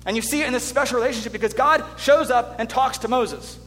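A man preaching a sermon as pastor, earnest and animated, telling the story with restarts. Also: very high-pitched, fast talker. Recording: long hall reverb with faint hum.

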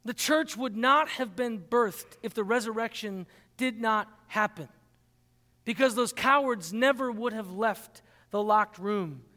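Male pastor, sermon, high-pitched, hall reverb, emphatic repetition. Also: sharp tone. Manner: emphatic, repeating key phrases for stress. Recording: long reverb in a large hall.

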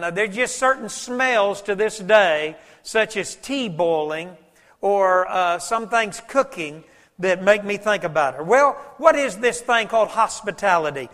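A man preaching a sermon, telling folksy stories and dropping his voice low for emphasis. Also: fairly bright tone, big-room sound. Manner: folksy storytelling preacher, varies volume for emphasis. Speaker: pastor.

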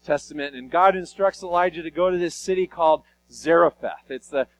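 A man preaching a sermon, retelling Bible stories in an animated, conversational way. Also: fairly high pitch, a little fast, poor audio. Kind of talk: sermon storytelling.

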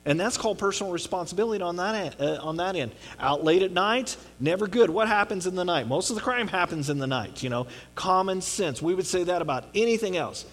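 A man's voice: sits high, expressive, a little fast, few pauses. A man giving a conversational sermon on a Bible passage in an earnest way, often checking in with his listeners. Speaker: pastor.

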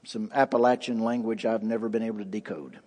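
A man's voice: fairly low pitch, fast talker, darkish tone. A man preaching a sermon as pastor, reading scripture aloud with dramatic rises and drops. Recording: long hall reverb.

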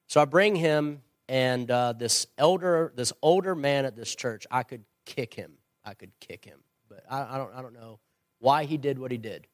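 A man's voice: medium pitch, dry recording, studio quality. Earnest, opinionated missionary man. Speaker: missionary and former pastor. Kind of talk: church question-and-answer talk.

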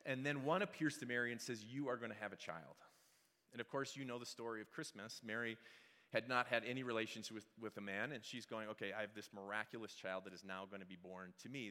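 A man's voice: medium pitch, sharp tone. A middle-aged pastor preaching a casual, joking sermon and asking his congregation questions. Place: church hall. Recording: reverberant hall.

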